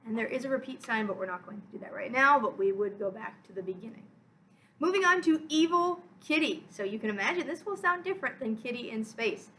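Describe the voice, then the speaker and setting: A woman orchestra teacher explaining music step by step in a clear, encouraging way for a recorded lesson. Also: on the high side, expressive, quick pace, hardly any pauses, poor audio.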